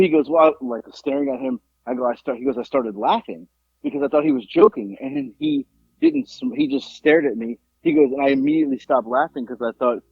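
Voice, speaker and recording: A man's voice: a little high, gravelly, husky, no echo. A man co-hosting a podcast, telling a story in casual chat and acting out the people he quotes, with some swearing. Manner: animated, acts out quoted voices, swears. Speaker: podcast co-host. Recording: tinny phone-like sound.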